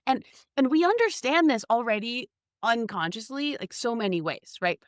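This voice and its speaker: A woman's voice: a little high, expressive, moderate pace, no room sound, studio quality. A woman co-hosting a casual podcast, talking earnestly and reflectively with frequent restarts. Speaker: podcast co-host.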